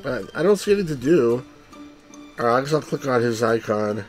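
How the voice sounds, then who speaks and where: A man's voice: mid-range voice, expressive, a little fast, faint music behind. Wry rambling let's play guy. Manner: rambling, wry, mildly sweary. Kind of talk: casual game commentary.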